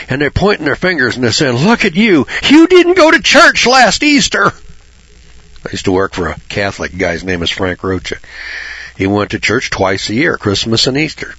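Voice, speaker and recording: Blunt husky-voiced man preaching informally. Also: fairly low pitch, fairly bright tone, no room sound. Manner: blunt, folksy, swears freely; mocks churchgoers with sarcastic asides. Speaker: Bible teacher. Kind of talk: informal Bible commentary. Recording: dull lo-fi recording.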